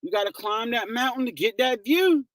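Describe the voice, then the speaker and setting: A man's voice: extremely high pitch, lively intonation, normal speed, a bit bright, no room sound. A man hosting a casual livestream, greeting viewers by name and laughing often. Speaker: livestream host.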